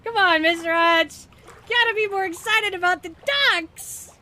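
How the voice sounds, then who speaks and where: A woman streaming a game, chatting casually with her viewers in a bubbly, excitable way. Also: very high voice, measured pace. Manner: bubbly, excitable, cheering and laughing. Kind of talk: casual live-stream chat.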